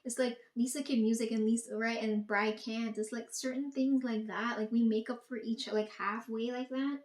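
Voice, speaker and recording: A woman's voice: fairly high pitch, steady tone, moderate pace, darkish tone. A woman in a casual, profane monologue, ranting and quoting herself and her family. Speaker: vlogger. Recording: echoey room.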